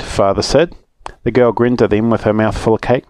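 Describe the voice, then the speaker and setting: Australian dad reading a kids' story. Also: male voice, on the low side, steady tone, normal speed, a little mellow, dry recording.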